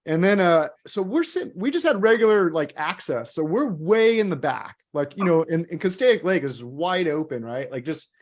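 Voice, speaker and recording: A man's voice: fairly high pitch, lively intonation, normal speed, few pauses. Guy rambling thru a story, lots of likes and you knows, chill slang. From Los Angeles area. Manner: rambling, filler-heavy, laid-back slang. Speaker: guest. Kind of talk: casual storytelling chat.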